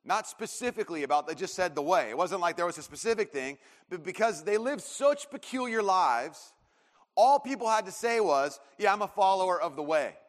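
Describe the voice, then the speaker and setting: A man in his thirties preaches a sermon in a loose, storytelling way, circling back through fillers and restarts before he lands each point. His voice sits a little higher than most men's, and it rings out with a long reverb, as if in a large hall. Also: lively intonation, moderate pace. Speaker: pastor.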